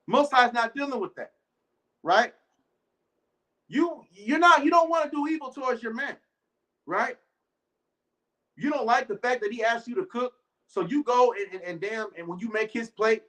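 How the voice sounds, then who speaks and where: High-voiced man preaching casually. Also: expressive, fairly bright tone, low-quality recording. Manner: loose, rhetorical, keeps asking "right?"; reads scripture slowly and deliberately. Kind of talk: informal sermon.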